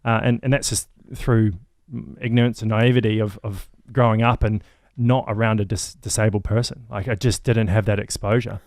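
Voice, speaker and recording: A low-voiced man tells his story in an interview. He is frank and plain-spoken, and swears now and then. The recording is close and dry. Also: flat delivery, moderate pace, a little mellow, no echo. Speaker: interview guest, athlete.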